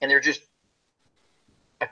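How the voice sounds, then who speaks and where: A man hosting a casual chat who tells stories in an animated way and laughs often. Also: slow pace, dull audio. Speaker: host of a chat show.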